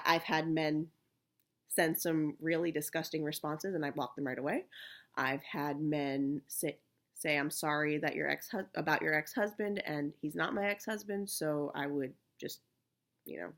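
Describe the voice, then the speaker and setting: Low, gravelly woman in her thirties. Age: 30s. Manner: candid, soft-spoken, many fillers. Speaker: vlogger. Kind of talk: casual personal talk to camera.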